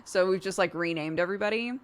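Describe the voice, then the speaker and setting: A woman streamer answers viewer questions in casual chat, laughing easily and swearing now and then. She talks at a quick pace in a lowish voice that is clear and resonant.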